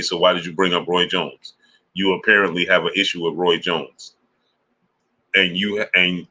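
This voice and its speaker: Deep, forceful male streamer, slangy and animated, super chat shoutouts. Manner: animated storytelling full of slang, laughs often. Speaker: sports channel host.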